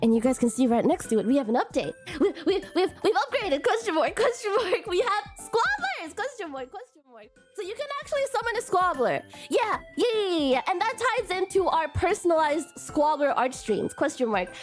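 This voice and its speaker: A woman's voice: extremely high pitch, very animated, a little fast, few pauses, faint music behind. A young woman hosting a live stream, bubbly and nervous, tripping over her words and tacking a cute "question mark" onto her sentences, her voice strained from a recent illness. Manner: bubbly, nervous, keeps adding a cutesy "question mark" tag; stumbles and repeats words. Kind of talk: casual live-stream chat.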